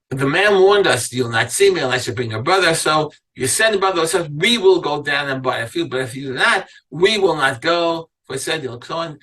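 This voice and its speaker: A man's voice: a little high, bright, forceful tone, far from the mic, poor audio. A man teaching a Torah class as a rabbi, reading verses aloud and then asking his listeners pointed questions. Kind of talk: Torah lecture to a live class.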